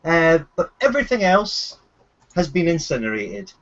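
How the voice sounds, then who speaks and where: A man running a tabletop game as game master, narrating haltingly and repeating words, in a dull lo-fi recording. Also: a little high, very animated, fairly bright tone.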